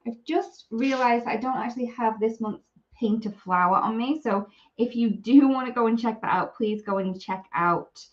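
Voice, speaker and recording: A woman's voice: on the high side, normal speed, lo-fi sound. A woman demonstrating craft products on a live stream, chatty and apologetic as she works. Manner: chatty, apologetic, talks while working.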